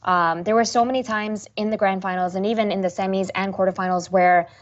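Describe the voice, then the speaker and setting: A young woman esports host answering interview questions in an animated, self-deprecating way. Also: medium pitch, brisk, muffled recording.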